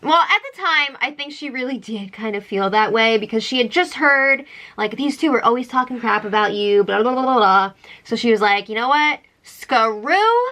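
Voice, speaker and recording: A woman co-hosting a casual recap chat, talking animatedly and slipping into quick voices for the people she retells. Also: a little high, expressive, bright, forceful tone. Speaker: co-host of a reality show recap.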